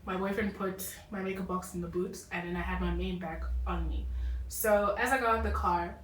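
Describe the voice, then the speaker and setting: Fast-talking woman telling a story. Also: lowish voice, fairly even intonation, distant mic. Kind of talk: casual chat. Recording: roomy echo, from off mic, faint noise.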